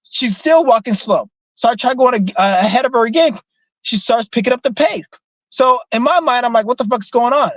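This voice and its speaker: Profane high-voiced young man ranting. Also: normal speed, no echo, dull audio. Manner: profane, animated storytelling with frequent cursing. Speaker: vlogger. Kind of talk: casual storytime rant.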